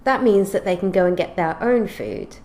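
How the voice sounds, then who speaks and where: A woman teaching an English grammar lesson, explaining clearly and reading out example sentences in a measured way. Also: on the low side, very animated, darkish tone.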